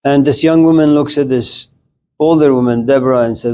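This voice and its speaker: A man's voice: mid-range voice, level tone, fairly quick, a little mellow. A man giving a casual classroom lecture in a conversational, joking way, often speaking directly to his students.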